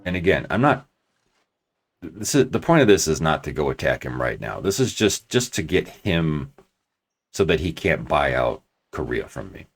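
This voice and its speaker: A let's-play commentator with a very deep, sing-song, slightly rough voice talks at a moderate pace while playing his strategy game. He thinks aloud, talking through his plans at length, restarting and hedging as he works them out.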